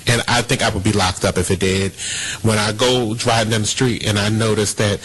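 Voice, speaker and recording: A man hosting a casual radio talk show, ranting and gossiping in an animated, indignant way. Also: on the low side, fairly quick, slightly rough, poor audio.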